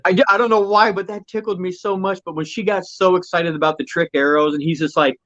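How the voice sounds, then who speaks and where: A man co-hosting a podcast in casual chat, excitable and gushing, swearing now and then. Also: high voice, fast talker. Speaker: podcast co-host. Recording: dull lo-fi audio.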